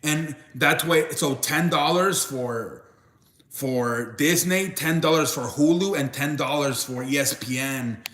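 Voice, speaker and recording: A man's voice: a little high, slow pace, fairly bright tone. Rambling young man in an echoey room. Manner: rambling, restarts often, reacts to chat. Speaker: live show host. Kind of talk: casual live-stream wrestling chat.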